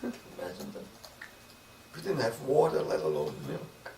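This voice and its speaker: A man's voice: mid-range voice, wildly swooping pitch, vocal fry, a little mellow. Older Viennese-accented man recounting memories. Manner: measured storytelling with vivid recalled dialogue. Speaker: interviewee. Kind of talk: oral history interview. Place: interview room. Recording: roomy, distant mic with noise.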